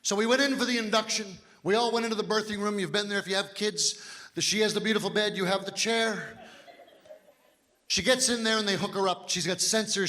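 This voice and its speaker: A man in his fifties performing a stand-up comedy set, telling stories loudly and physically and shouting his punchlines. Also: sits high. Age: 50s. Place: comedy club stage. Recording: live hall reverb with faint noise. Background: audience laughter.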